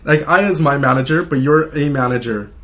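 A man's voice: a little high, fairly quick, fairly bright tone. A man hosting a casual podcast in an office conference room, rambling and joking at his own expense. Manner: rambling, joking, self-deprecating. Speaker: podcast host.

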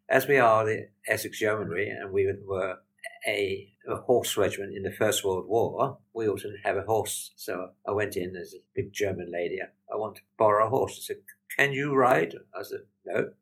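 A man's voice: lowish voice, fairly bright tone, poor audio. An older British war veteran, a man telling plain-spoken anecdotes and acting out the dialogue he quotes. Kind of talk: anecdotal storytelling.

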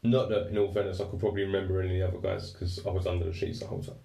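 A young man telling a story in a casual, animated and self-mocking way. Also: sits low, racing, creaky. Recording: roomy and distant mic.

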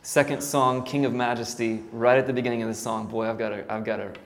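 Speaking quickly with vocal fry, this man in his thirties, a worship pastor, shares his story in a church hall, loose and filler-heavy, poking fun at himself along the way. His pitch is medium and barely moves, and hall reverb and faint background noise color the recording.

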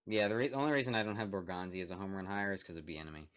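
A man's voice: sits low, rapid-fire, fairly bright tone. A young man co-hosting a sports podcast in casual chat, running the segments and laughing along. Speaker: podcast co-host.

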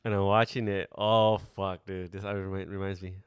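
A man's voice: deep voice, little pitch movement, normal speed, clean tone, dry recording. Laid-back swearing man, dry close sound. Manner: laid-back, swears often, rambling storyteller. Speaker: podcast host. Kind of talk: casual chat.

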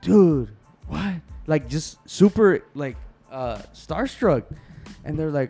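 Excitable bilingual man telling a story. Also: fairly high pitch, slow pace, creaky, faint music behind. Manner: switches between English and Spanish, swears freely; excitable when retelling, voice rises in quoted lines. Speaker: podcast co-host. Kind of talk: casual storytelling chat.

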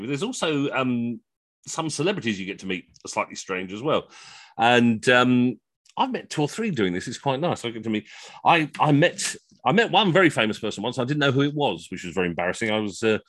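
Cheeky man spinning comic anecdotes over a video call; very animated intonation, dry close sound. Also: on the low side, no room sound. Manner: chatty, rambling, cheeky. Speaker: costumed entertainer, storyteller. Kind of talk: comic storytelling.

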